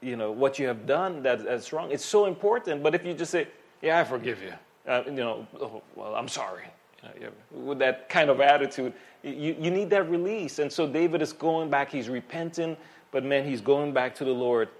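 Male pastor, sermon delivery, animated and emphatic, voice sits a bit high. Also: normal speed. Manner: animated, emphatic preaching with vivid asides.

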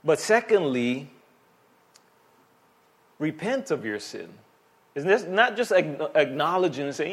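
Male pastor, sermon delivery, animated and emphatic, voice sits a bit high. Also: normal speed. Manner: animated, emphatic preaching with vivid asides.

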